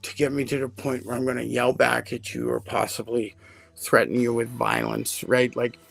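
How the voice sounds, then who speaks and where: A man hosting a live podcast, telling a personal story in an emotional, animated way with many fillers. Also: medium pitch, moderate pace, vocal fry. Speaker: podcast host.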